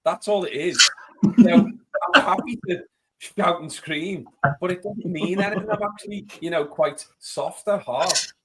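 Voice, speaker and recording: High-voiced self-mocking man. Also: measured pace, a little hiss or hum. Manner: self-deprecating, animated storytelling. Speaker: podcast panelist. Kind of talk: casual chat.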